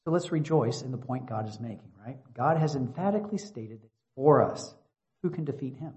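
A man preaching a Bible-teaching sermon, explaining calmly and then building to emphatic fervor. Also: mid-range voice, a little fast, muffled recording.

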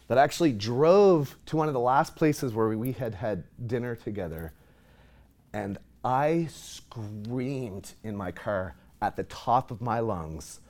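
A man's voice: medium pitch, expressive, takes it slowly. Man preaching an emotional sermon. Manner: emotional, rising to loud emphatic scripture reading. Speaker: pastor.

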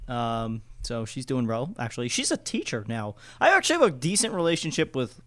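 A man's voice: mid-range voice, wildly swooping pitch, fairly quick, fairly bright tone. A young man co-hosting a podcast, telling a playful story in casual chat. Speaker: podcast co-host.

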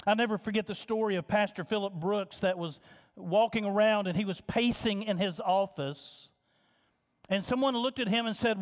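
High-pitched male pastor preaching slow, lots of repeats and stumbles, big reverby church hall. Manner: impassioned, repeats phrases, stammering restarts. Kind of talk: sermon.

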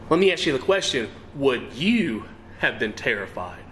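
A man's voice: mid-range voice, big pitch swings, moderate pace, a bit bright, a little hiss or hum. A man preaching a sermon to a congregation, asking them questions and reading scripture with emphatic, rising and falling delivery.

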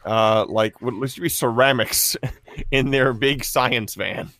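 A man from New Orleans co-hosting a movie watch-along podcast, excitable and quick to laugh. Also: medium pitch, no room sound. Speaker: podcast co-host. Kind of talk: casual watch-along commentary.

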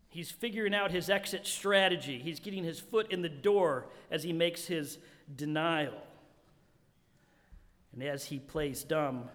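A male pastor preaching a sermon, animated and emphatic, often restarting and repeating words. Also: on the high side. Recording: long hall reverb.

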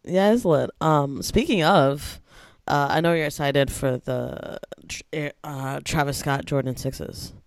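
A woman's voice: sits low, measured pace, dry recording, clean studio sound. A woman co-hosting a casual chat show, talking in a wry, chatty way and laughing often. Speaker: co-host.

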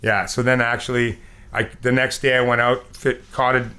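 A man co-hosting a podcast, telling a story in an animated, casual way and acting out sounds and quotes. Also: medium pitch, moderate pace. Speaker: podcast co-host.

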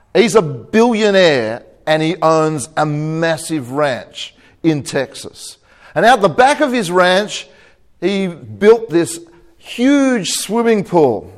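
A man preaching a sermon, telling a joke and laughing at his own punchlines. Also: on the high side. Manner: jokey storyteller, chuckles at own jokes.

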